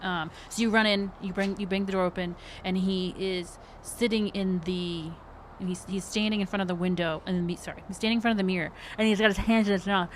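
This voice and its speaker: A woman's voice: mid-range voice, fairly even intonation, fairly quick, few pauses, slight background noise. A woman running a tabletop game as game master, patiently explaining the rules and laughing often.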